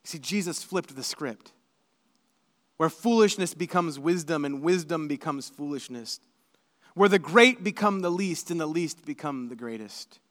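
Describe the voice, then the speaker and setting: A male pastor preaching a sermon, animated and building to emphatic, shouted lists. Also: on the high side, a little slow, in a large hall.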